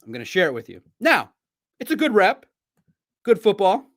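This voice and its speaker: A middle-aged man hosts a casual sports recap. His voice sits a little higher than most men's. He tells his stories in an animated, chatty way. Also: normal speed. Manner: animated, chatty storytelling with laughs. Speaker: podcast host.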